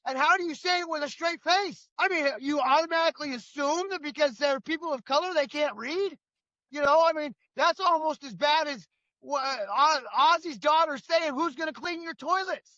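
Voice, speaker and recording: A man's voice: very high voice, normal speed, pushed and bright, no echo, dull audio. A middle-aged man co-hosting a political talk show, ranting in an indignant, emphatic way. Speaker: co-host.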